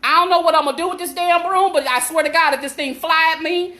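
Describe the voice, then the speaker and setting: A woman vlogging from her home, loud, laughing and cursing in a frantic panic. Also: extremely high pitch, fast talker, echoey room, background noise. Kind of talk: panicked live vlog to viewers. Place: home indoors.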